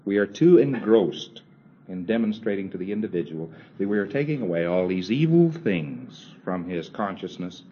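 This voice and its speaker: A man lectures in a relaxed, wry manner, slipping into quick back-and-forth dialogue and chuckling along the way. His voice sits on the low side. The recording is muffled and lo-fi, with a faint hiss underneath. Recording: dull lo-fi old tape with faint hiss.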